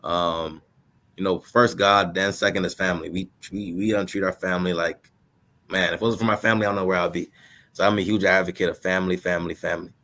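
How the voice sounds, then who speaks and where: A young man from Nigeria speaks easygoing talk-show conversation with a very low voice. His delivery is relaxed and loose, full of filler words. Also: quick pace. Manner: relaxed, loose, drops in "man" and "you know". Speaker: guest entrepreneur.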